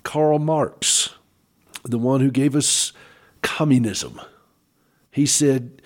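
A man giving a devotional Easter talk in a reflective way, pausing for effect and asking the listener direct questions. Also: mid-range voice. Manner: reflective, with expressive pauses and emphasis.

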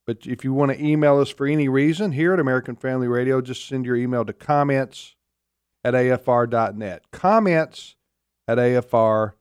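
A man's voice: medium pitch, normal speed, a little mellow, clear, resonant tone, no room sound, studio quality. A man hosting a call-in trivia radio show in a folksy manner, taking callers and reading out phone numbers. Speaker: radio host. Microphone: studio mic.

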